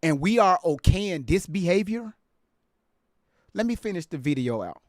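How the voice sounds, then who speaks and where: Man, livestream host, casual reaction commentary, incredulous, somewhat high voice, dry sound. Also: sing-song, moderate pace, dry recording. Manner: laid-back, incredulous, laughs easily. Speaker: live-stream host reacting to a clip. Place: at home.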